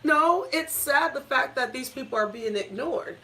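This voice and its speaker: Brief: fairly high-pitched woman, blunt and swearing, laughs through lines. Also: animated, moderate pace, bright, forceful tone. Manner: blunt, profane, laughs while talking. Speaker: co-host. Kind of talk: casual conversational rant.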